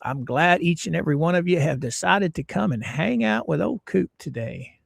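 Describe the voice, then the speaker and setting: A middle-aged man from Florida, hosting a casual livestream and greeting his viewers in a folksy, drawn-out way. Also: on the high side, gravelly, dry recording. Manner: folksy, drawn-out greetings, lively ups and downs. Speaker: livestream host.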